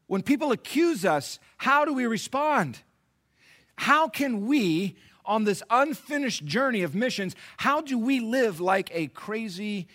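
Animated bright-voiced male preacher. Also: high voice. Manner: animated, dramatic retelling with voiced asides; swings from hushed to loud. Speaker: pastor. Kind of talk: sermon.

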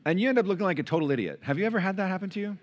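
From the pulpit of a church sanctuary, a male pastor delivers his sermon in a high-pitched voice at a racing pace, and the recording sounds muffled. He tells animated stories, performing the quoted voices of their characters, all captured on a pulpit microphone.

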